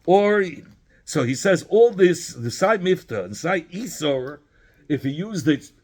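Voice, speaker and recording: A man's voice: a little high, sing-song, measured pace, a little mellow. A man teaching a Talmud study lesson, explaining by repeating phrases and asking questions, mixing in Hebrew and Yiddish terms.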